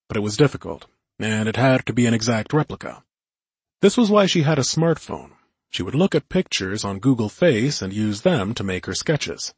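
Husky-voiced male audiobook narrator. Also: medium pitch, no room sound. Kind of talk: first-person audiobook narration.

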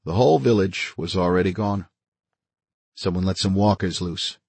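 A man voicing a calm, quietly menacing male commander who speaks softly and measured. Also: low-pitched, vocal fry, breathy edge, no echo, heavily acted. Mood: grim. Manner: soft-spoken, measured.

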